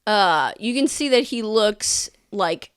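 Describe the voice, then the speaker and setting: A woman's voice: medium pitch, lively intonation, slow pace, clear, resonant tone, dry recording, clean studio sound. A woman narrating a tabletop game as game master, loose and full of fillers.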